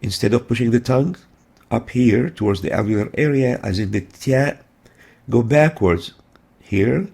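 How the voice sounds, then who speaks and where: A man's voice: lowish voice, vocal fry, a little mellow, breathy edge. A man teaching letter pronunciation in a methodical way, repeating each sound several times for practice. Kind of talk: instructional lesson.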